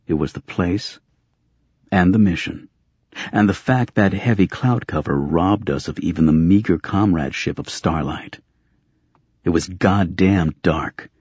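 A very deep, husky male voice narrating a first-person audiobook in a dry, gritty way. The sound is close and dead, with no room around it. The recording is a little dull and muffled. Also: darkish tone, no room sound.

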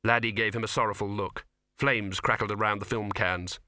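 A man with a lowish voice reads scripted audiobook narration, keeping his storytelling steady and measured. The studio-quality recording has no room sound.

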